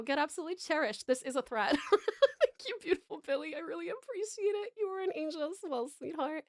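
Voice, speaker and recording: High-voiced gushing Australian woman streamer. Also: no echo, clean studio sound. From Tasmania, Australia. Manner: gushing, effusive thanks with casual swearing. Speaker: live streamer. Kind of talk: live stream chat with viewers.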